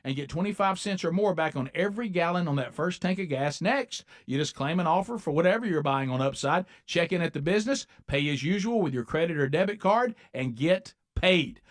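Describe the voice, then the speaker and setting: A man reading a radio ad in a smooth, punchy delivery. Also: a little high, expressive, brisk, few pauses. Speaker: radio host. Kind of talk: ad read and casual radio banter. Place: radio studio.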